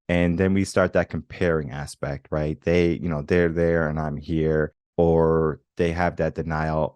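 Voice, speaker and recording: A man's voice: a bass voice, level tone, unhurried, no room sound. A man hosting a podcast interview, reflecting and telling personal stories in a conversational way. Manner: reflective, storytelling with quoted inner voices. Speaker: podcast host.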